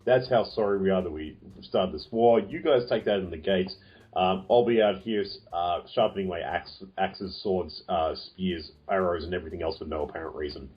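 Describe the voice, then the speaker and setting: A man with a lowish voice chats casually, hesitating and tossing in jokey asides. He stumbles over his words now and then. The sound is muffled and lo-fi. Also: normal speed. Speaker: podcast co-host. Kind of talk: casual chat. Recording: dull lo-fi sound.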